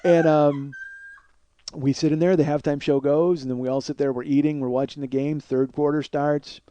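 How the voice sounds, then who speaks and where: A man's voice: on the high side, steady tone, moderate pace, warm tone, clear, resonant tone, no room sound. A man in his forties hosting a comedy podcast, telling a long story in a rambling, profane way that builds into indignant rants. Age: 40s. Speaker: podcast host.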